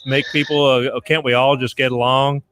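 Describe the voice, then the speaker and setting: A man's voice: medium pitch, level tone, normal speed, a bit bright, clear, resonant tone, dry recording. A middle-aged man hosting a call-in radio show in a casual chat, rambling with many restarts and fillers. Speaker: radio talk show host.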